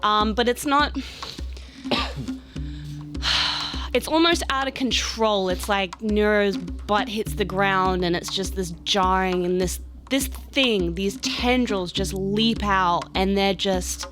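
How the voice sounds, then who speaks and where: A woman's voice: mid-range voice, takes it slowly, over music. A woman playing in a tabletop role-play, hesitant with many fillers. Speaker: player.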